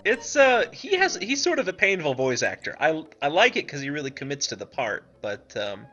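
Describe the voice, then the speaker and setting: A man talks through an old adventure game in a bright, lively voice that rises and falls a lot. He is wry and chatty, pausing on fillers as he explains things. Faint game music plays underneath. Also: fairly high pitch, muffled recording. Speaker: let's play co-host. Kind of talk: casual gameplay commentary.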